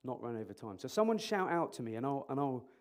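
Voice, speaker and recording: A man with a medium-pitched voice and quick pace speaks as an emergency clinician in a conference hall. Over the microphone, his interactive talk is animated and jokey, with questions put to the audience.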